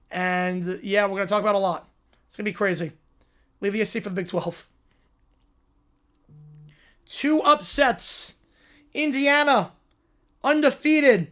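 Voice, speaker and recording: Excitable high-voiced male streamer. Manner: excitable, exclamatory, answering chat. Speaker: livestream host reacting to college football. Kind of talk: live reaction commentary and chat.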